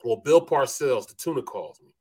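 A man's voice: medium pitch, expressive, normal speed, mellow, slightly rough. A middle-aged man spins an easygoing sports story in casual chat, peppering it with bro and man. He acts out the other people in his tale. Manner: laid-back, says bro and man a lot, acts out quotes. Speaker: former NFL lineman, co-host.

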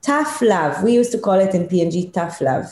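A middle-aged woman, a leadership consultant, telling a personal story in an interview, animated and emphatic. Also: medium pitch, normal speed. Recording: echoey room.

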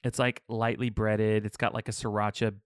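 A man's voice: on the low side, normal speed, clean tone, no echo, clean studio sound. A man co-hosting a podcast, rambling through stories in casual chat. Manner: rambling, animated storyteller. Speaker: podcast co-host.

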